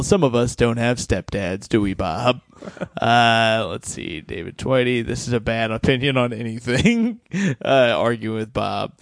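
A man hosting a podcast in easygoing chat, joking crudely and reading out comments with a laugh. His voice sits at an everyday middle pitch. The sound is dry and close, with no room around it. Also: gravelly, no room sound. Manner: joking, profane, reads listener comments aloud. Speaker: podcast host. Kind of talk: casual chat.

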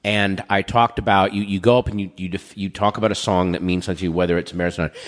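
Middle-aged guy telling stories on a podcast, kinda low voice, keeps clearing his dry throat, lots of reverb. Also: racing. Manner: animated storyteller, acts out quotes. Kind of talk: casual chat.

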